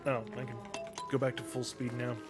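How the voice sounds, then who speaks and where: A man's voice: medium pitch, moderate pace, over music. A man streaming a survival game, chatting casually with his viewers between moves. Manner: relaxed, talks to chat while playing. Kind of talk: casual chat while gaming.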